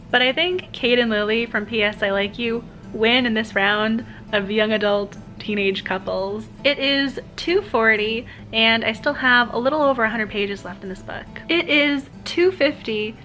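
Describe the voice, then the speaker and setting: A woman's voice: fairly high pitch, pushed and bright, low-quality recording. A woman keeping a casual video diary at home, chatting and gushing about the books she is reading and checking in on the time. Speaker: book vlogger.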